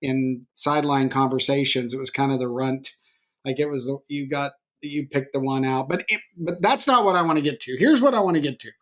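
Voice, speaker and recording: Man telling rodeo stories, halting. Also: medium pitch. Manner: rambling, animated storytelling with restarts. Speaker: podcast host. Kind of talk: conversational interview.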